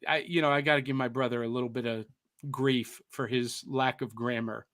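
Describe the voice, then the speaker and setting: Male podcast host, upbeat and playful, brightish tone, casual chat. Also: mid-range voice, steady tone, brisk. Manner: playful, breaks into a mock newsreel announcer voice. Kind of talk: casual chat reading viewer comments.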